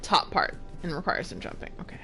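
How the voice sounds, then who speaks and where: A woman's voice: fairly quick, sharp tone, soft background music. A young woman casually commenting while she streams a game, tired and yawning, chatting and laughing as she reads item text aloud.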